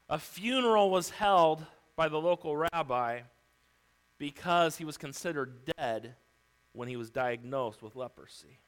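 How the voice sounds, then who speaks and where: A man's voice: on the high side, normal speed, fairly bright tone, smooth. A man preaching a sermon, retelling a story vividly and theatrically.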